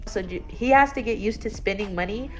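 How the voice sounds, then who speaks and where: A young woman talking at home in a casual confessional vlog, candid and rambling, her voice jumping up when she gets excited. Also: brisk, soft background music. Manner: candid and rambling, with sudden excited jumps in pitch. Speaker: vlogger. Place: at home, indoors.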